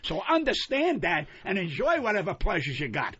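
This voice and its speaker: An older man, a comedian guest on a radio show, ranting loudly with constant swearing and yelling. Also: high voice, wildly swooping pitch, moderate pace, husky. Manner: loud profane yelling rant. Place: radio studio. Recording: dull lo-fi radio broadcast with faint hiss.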